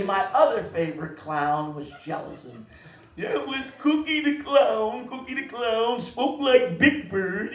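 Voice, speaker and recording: A man's voice: extremely high pitch, roomy sound, far from the mic, low-quality recording. A man performing on stage, telling earnest, meandering stories in a wistful way. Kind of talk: rambling live storytelling. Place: live venue stage.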